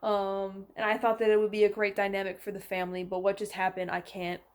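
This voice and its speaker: A woman's voice: mid-range voice, completely flat delivery, fast talker, very noisy. Chatty young woman vlogging at home. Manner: chatty, talks to her cats in a baby voice. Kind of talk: casual chat to camera. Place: at home, indoors.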